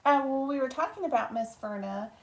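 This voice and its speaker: A woman co-hosting a live stream, reading viewer comments aloud in a soft-spoken, casual way. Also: high voice, lively intonation, brisk. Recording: echoey room.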